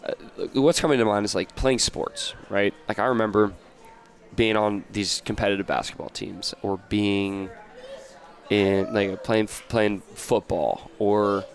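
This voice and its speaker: A man's voice: fairly low pitch, fairly even intonation, unhurried. A man from the United States, a podcast guest, talking in a casual, rambling way with many fillers and restarts. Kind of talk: casual interview chat.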